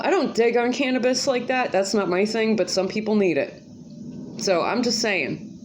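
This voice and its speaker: A woman talks casually to her camera from her kitchen, full of slang and the odd curse. She rambles, and her asides run into one another at a relaxed, mid-range pitch. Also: slight background noise. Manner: chatty, slangy and profane, with lots of asides. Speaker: vlogger. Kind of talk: casual rambling vlog monologue. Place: home kitchen.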